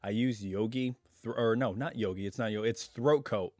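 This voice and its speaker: A man hosting a casual live stream from home, chatting in a rambling way full of asides, his voice still a little hoarse as it recovers. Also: on the low side, normal speed, a little mellow, dry recording, studio quality.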